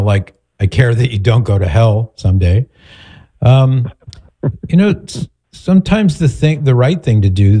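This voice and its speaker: A man hosting an advice show, speaking calmly and directly as he counsels a caller. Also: lowish voice. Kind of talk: advice talk.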